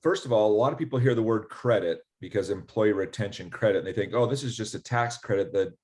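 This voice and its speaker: A man's voice: lowish voice, fast. A man explaining a business tax refund in a casual interview, telling stories and acting out conversations. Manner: animated storyteller, acts out quoted dialogue. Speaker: ERC specialist guest.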